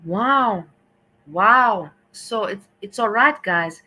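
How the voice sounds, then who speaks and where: Bright-voiced woman ranting on stream. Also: medium pitch, lively intonation, drawn-out words, poor audio. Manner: rambling, sarcastic, exasperated. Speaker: stream host. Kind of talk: commentary.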